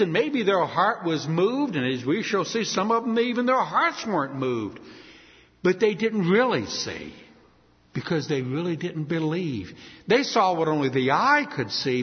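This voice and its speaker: A man preaching a sermon with emphatic, dramatic delivery and slow, stressed repetitions. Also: sits high, very animated. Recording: reverberant hall, dull lo-fi sound.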